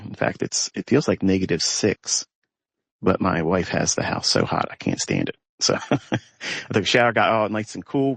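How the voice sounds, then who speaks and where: With a lowish voice and some vocal fry, this man teaches trading in an unscripted rant from the cab of a parked pickup. He sounds scornful and emphatic, stretching out his stressed words, and there's no echo at all.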